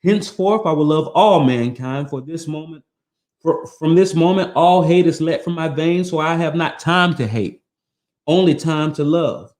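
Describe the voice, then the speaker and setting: A man's voice: fairly high pitch, normal speed, darkish tone. Earnest man reading motivational text. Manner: earnest, emphatic delivery with casual asides. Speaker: podcast host.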